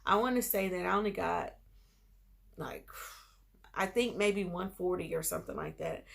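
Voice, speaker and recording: Upbeat woman with vocal fry. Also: lowish voice, moderate pace. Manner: upbeat, encouraging; excited bursts when retelling good news. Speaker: school nurse. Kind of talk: storytime vlog.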